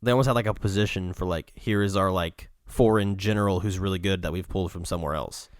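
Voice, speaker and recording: Chatty young man with a low voice. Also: fast talker, clear, resonant tone, no room sound, studio quality. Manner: retells the dialogue in a chatty way, reads passages aloud, laughs often. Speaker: podcast co-host. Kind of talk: casual discussion of a philosophy text.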